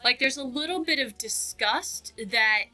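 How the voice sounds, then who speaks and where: A young woman giving a casual, animated video essay analysis and drawing out key words as she talks. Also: fairly high pitch, a little slow, faint music behind, low-quality recording.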